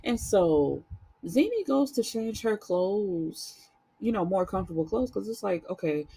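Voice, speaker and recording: A woman telling a book's story in a casual book review vlog, candid and animated, with frank swearing. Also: mid-range voice, measured pace, vocal fry, breathy edge, rough recording.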